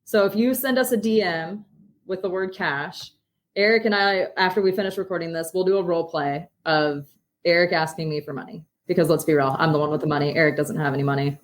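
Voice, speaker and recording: A woman with a fairly low voice co-hosting a podcast. She talks in a relaxed, upbeat way, laughing often and tossing out ideas to her partner. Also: fairly quick. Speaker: podcast co-host. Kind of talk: casual podcast chat.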